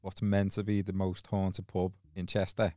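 Low-voiced Liverpool man, plain and matter-of-fact, dry close mic. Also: completely flat delivery, moderate pace, warm tone, dry recording. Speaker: podcast guest. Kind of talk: casual chat.

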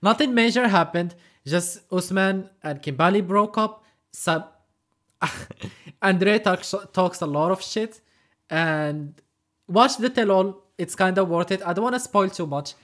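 A reaction channel host with a high, slightly bright voice speaks unhurriedly between clips. He offers snarky, joking commentary and laughs often.

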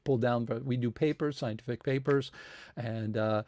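A man's voice: medium pitch, steady tone, normal speed, a little mellow, dry recording. A man hosting a science talk series, making casual, rambling announcements with many fillers and restarts and earnest appeals for support.

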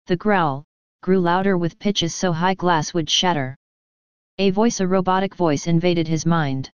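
Clear low-voiced woman narrating horror. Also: measured pace, no echo. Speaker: story narrator. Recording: dry, dull lo-fi sound.

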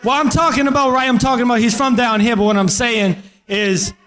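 Earnest man, high voice. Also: fairly even intonation, brisk, fairly bright tone. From Louisiana. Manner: earnest, rambling, restarts often. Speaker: family friend sharing memories. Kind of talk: casual memorial speech.

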